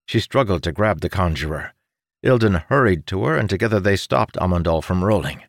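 Male audiobook narrator, low register, dry close sound, dramatic fantasy reading. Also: animated, brisk, no room sound. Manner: dramatic reading, voicing characters' shouts.

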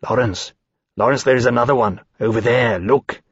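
A man voicing a large, earnest male dragon who speaks in a hushed, anxious way. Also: mid-range voice, moderate pace, breathy edge, no echo, close to an everyday voice. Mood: urgent. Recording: dull dry studio sound.

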